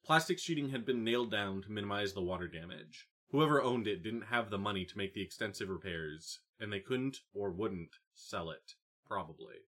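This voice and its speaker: Low-voiced male audiobook narrator. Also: lively intonation, normal speed, fairly bright tone. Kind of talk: scripted narration.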